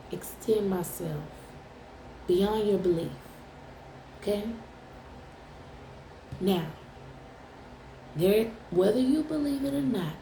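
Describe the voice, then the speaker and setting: A woman's voice: lowish voice, creaky, warm tone, echoey room, slight background noise, low-quality recording. A woman tarot reader talking straight to her viewers in a blunt, profane, teasing way. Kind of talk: casual direct-to-camera chat.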